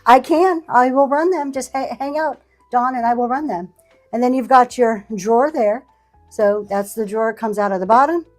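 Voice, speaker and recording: Woman, live-stream reseller, slightly high voice, casual running chatter over faint music. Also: normal speed, darkish tone. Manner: chatty, thanks buyers by name. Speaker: live auction seller. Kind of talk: live selling stream chat.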